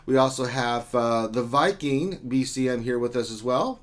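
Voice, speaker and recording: A man's voice: mid-range voice, moderate pace. Joking man hosting a gaming livestream. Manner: joking, rambling, with many ums and uhs. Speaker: livestream host. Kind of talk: casual chat reading out viewer greetings.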